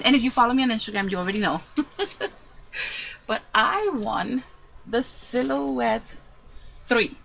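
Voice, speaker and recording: A woman crafting vlogger telling a story in a casual, excitable way, recorded in her room at home. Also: on the high side, slow pace, creaky, pauses often, a little hiss or hum, low-quality recording. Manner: chatty, excitable, retells with quoted asides.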